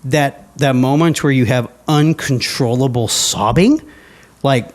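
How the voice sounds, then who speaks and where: A man, likely in his twenties, sharing his faith story in a relaxed interview, acting out his own past thoughts in lively quoted asides. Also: mid-range voice, unhurried. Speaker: guest sharing his testimony. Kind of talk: casual conversational interview.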